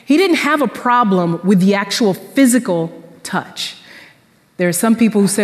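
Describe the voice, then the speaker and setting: A woman pastor preaching a sermon in an animated, conversational storytelling way with casual slang, in a church sanctuary. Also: medium pitch, moderate pace, long reverb tail.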